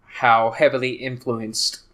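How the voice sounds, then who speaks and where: A man's voice: mid-range voice, little pitch movement, slow pace, a bit bright. A young man hosting a podcast, chatting casually and joking, laughing often. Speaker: podcast host. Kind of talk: casual chat.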